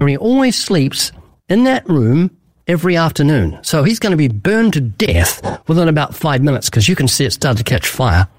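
A man's voice: on the high side, no room sound. A man explaining his evangelism in an interview, telling stories with acted-out dialogue. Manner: urgent storytelling with acted-out dialogue. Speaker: evangelist guest. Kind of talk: earnest preaching in an interview.

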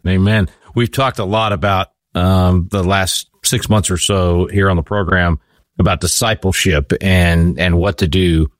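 A man with a very deep, low voice hosts the program and puts questions to his guest in a measured, unhurried way. The recording is dry and close. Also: no room sound. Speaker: program host. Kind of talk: interview questioning.

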